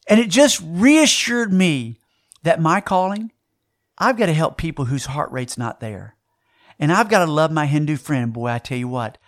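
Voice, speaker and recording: Male preacher, animated storytelling sermon, slightly higher voice. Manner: animated, with dramatic shifts in loudness and pace.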